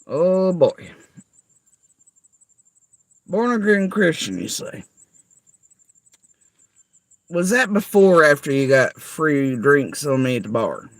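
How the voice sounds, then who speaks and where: A man's voice: mid-range voice, no room sound, poor audio. A man delivering an angry, profane, sarcastic rant straight to someone he calls out. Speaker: vlogger. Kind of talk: angry ranting monologue.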